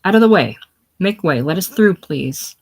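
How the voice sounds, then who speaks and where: A woman reading the lines of a proud, imperious aging male adventurer, with commanding, forceful delivery. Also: fairly low pitch, animated, normal speed.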